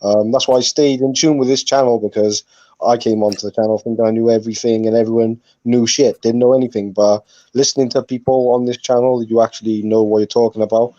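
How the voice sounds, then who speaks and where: A man's voice: mid-range voice, flat delivery, fast, dark tone, no echo. A man talking on a live stream, earnest and hesitant, with lots of ums. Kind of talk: casual chat. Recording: dry, dull lo-fi call audio.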